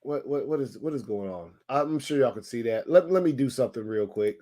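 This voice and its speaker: A young man hosting a casual daily live stream, talking excitedly in slang and greeting viewers in the chat. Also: medium pitch, a little fast, hardly any pauses.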